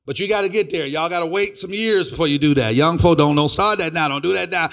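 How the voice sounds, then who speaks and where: A middle-aged male pastor preaching a sermon, filling it with "praise God" and "hear me," swinging between hushed asides and loud sung preaching. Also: on the high side, fast talker, few pauses.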